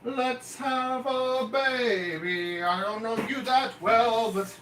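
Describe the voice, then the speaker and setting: A man's voice: extremely high pitch, slow pace, fairly bright tone. Playful joking man in an echoey room. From Canada. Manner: playful, joking banter with chat. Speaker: live streamer. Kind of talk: casual live-stream chat. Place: indoor room with pet snakes. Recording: roomy, echoey room with faint noise.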